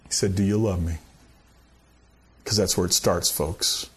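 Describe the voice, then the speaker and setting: A man's voice: sits low, steady tone, measured pace, fairly bright tone, husky. A man preaching a sermon in a conversational, folksy way, often saying "you know" and chuckling. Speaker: pastor.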